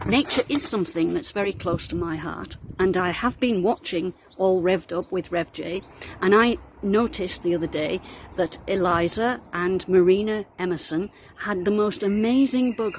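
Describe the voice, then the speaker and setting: A woman's voice: fairly low pitch, measured pace, rough recording. A woman with a Darlington accent explains things to children in a friendly, patient way. She is outdoors in her garden, with faint traffic passing in the background. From North East England. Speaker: minister.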